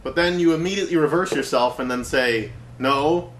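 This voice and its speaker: A man's voice: fairly high pitch, a little fast, slight background noise. A man who is a movie reviewer, chatting casually and skeptically arguing the plot step by step.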